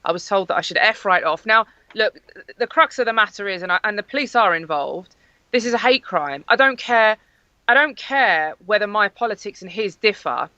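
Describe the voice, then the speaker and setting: Northern irish woman, guest on a stream, bright clear voice, kinda muffled dry audio. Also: mid-range voice, lively intonation, moderate pace, dry recording. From Northern Ireland. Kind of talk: interview answers.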